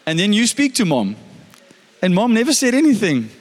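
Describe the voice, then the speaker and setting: Male pastor, high voice, casual questioning sermon, echoing church hall. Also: big pitch swings, a little fast. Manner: conversational preaching, asks the congregation questions.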